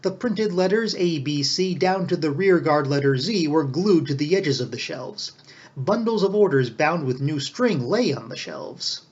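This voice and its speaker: Casting: male audiobook narrator, fairly high voice, muffled lo-fi recording. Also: lively intonation, unhurried, slightly rough. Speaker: audiobook reader. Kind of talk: scripted narration. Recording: dull lo-fi recording.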